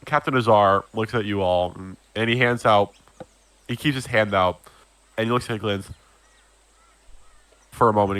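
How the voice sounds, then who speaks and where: A man's voice: fairly low pitch, steady tone, normal speed, pauses often, a bit bright, clean tone, dry recording. A young man narrating as game master of a tabletop game, casual and chatty. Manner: laughing, casual narration with many fillers.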